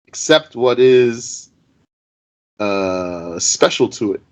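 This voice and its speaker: A man teaching an informal Arabic grammar lesson. He speaks slowly and deliberately, reciting Arabic text and then explaining it in English. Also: mid-range voice, expressive, rough recording.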